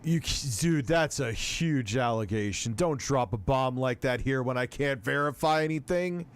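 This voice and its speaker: A man's voice: mid-range voice, normal speed, smooth. A man hosting a casual livestream commentary, rambling, cursing freely and often cutting himself off mid-sentence. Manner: rambling, profane, self-interrupting. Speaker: host.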